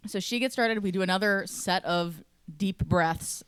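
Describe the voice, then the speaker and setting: A woman's voice: mid-range voice, normal speed, a bit bright, clean tone. A woman co-hosting a casual podcast, recounting what happened in a chatty way. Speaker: podcast co-host. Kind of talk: casual chat.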